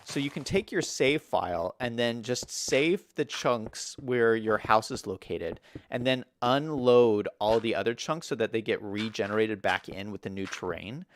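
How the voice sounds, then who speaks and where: A man's voice: on the low side, expressive, measured pace, few pauses, no echo. A man streaming a building game, chatting casually with viewers and thinking aloud as he builds, with an American accent and frequent laughs.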